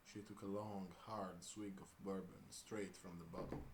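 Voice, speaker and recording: Male reader, lowish voice, jokey asides, echoey home room. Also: little pitch movement, a little slow. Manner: laughs and breaks off with asides. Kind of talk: comedic reading of a crude story. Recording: roomy room with faint hiss.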